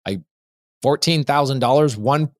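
A man on a podcast as the guest, telling a business story in an emphatic, quick way and acting out what people said. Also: medium pitch, no room sound, clean studio sound. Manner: emphatic, fast, acts out quotes. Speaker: podcast guest, real estate investor. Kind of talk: animated interview storytelling.

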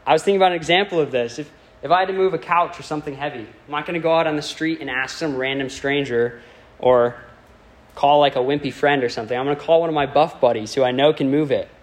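A man's voice: fairly high pitch, quick pace. A man preaching a sermon to a congregation, speaking in a conversational, playful way and putting questions to his listeners.

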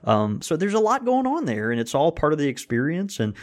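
Rambling man with a lively voice. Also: on the high side, brisk. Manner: rambling, many restarts, laughs often. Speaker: podcast co-host, pipe tobacco blender. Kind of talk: casual chat.

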